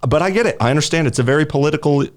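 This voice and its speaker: A man's voice: fairly high pitch, very fast. Sarcastic young man chatting casually. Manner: sarcastic, animated, voices his commenters mockingly. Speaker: podcast co-host. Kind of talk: casual chat.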